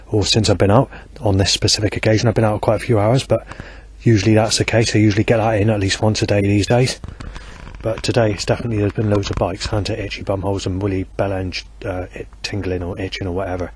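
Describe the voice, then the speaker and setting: A man's voice: on the low side, level tone, fast talker, darkish tone, breathy edge. A man rambling furiously outdoors at night, swearing constantly into a handheld audio recorder. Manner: furious, profane, rambling rant. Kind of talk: angry rambling monologue. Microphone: handheld digital audio recorder.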